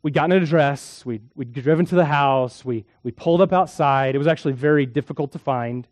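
A man preaching a sermon as a pastor, telling a story and shifting from hushed, quiet moments to loud, emphatic ones. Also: on the high side, a little fast, no room sound, clean studio sound.

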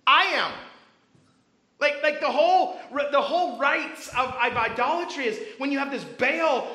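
A man's voice: very high voice, bright, forceful tone, echoey room, low-quality recording. A man preaching a sermon to a congregation, talking casually and telling stories from camp. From grew up Baptist. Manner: conversational preaching with anecdotes. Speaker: pastor.

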